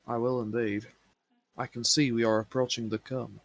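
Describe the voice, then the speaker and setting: A man's voice: mid-range voice, little pitch movement, moderate pace, gravelly. Dry, matter-of-fact male gamer. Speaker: player. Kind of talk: casual tabletop gaming chat.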